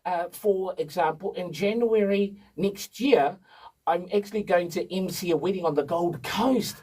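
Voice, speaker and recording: Energetic New man in his fifties. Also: sits high, moderate pace, slightly rough, recorded from a distance, low-quality recording. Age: 50s. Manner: energetic, chatty storyteller who laughs often. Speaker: event MC and radio guest. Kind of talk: casual radio interview. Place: radio studio.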